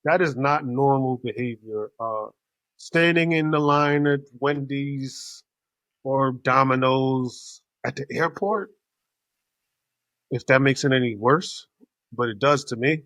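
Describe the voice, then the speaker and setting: A man hosting a podcast, telling a casual story in an animated, profane way. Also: medium pitch, takes it slowly, no room sound. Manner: animated, profane, acts out other people's voices. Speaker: podcast host.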